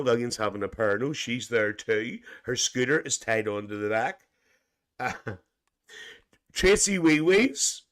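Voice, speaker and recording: A man's voice: mid-range voice, fairly bright tone. A man with a Northern Irish accent hosting a live stream, chatting casually, teasing viewers and chuckling often as he tells a rambling, made-up story. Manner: chuckles often between lines. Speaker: livestream host reading viewer comments. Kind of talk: casual live chat, imagined coach trip.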